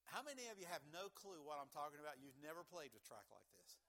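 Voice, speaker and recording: Man, pastor, high voice, folksy joking sermon, calm teaching with loud bursts. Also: fast.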